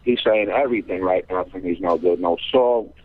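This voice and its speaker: A man calling in to a podcast, chatting in an easygoing, slightly halting way. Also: low voice, no echo. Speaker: caller. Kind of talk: casual phone chat. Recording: tinny dry phone line.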